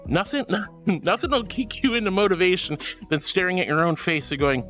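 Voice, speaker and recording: A woman's voice: lowish voice, lively intonation, a little fast, fairly bright tone, soft background music. A woman streamer chatting casually with viewers in a bubbly, giggly, affectionate way. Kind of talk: casual livestream chat.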